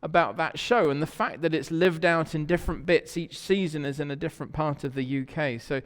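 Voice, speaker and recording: A man's voice: on the high side, fairly even intonation, fairly quick. A man with an English accent preaching a sermon in a church, telling stories in a conversational way and asking the congregation questions. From England. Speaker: pastor. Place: church sanctuary. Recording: long church reverb.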